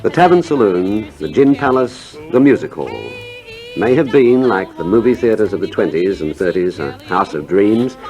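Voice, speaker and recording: Deep-voiced male radio narrator. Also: lively intonation, normal speed, music in the background. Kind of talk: scripted documentary narration.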